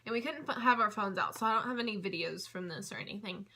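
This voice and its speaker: Young female vlogger, bright and crisp tone, gushing storytime chatter with frequent fillers. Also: mid-range voice, quick pace. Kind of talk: casual storytime chat.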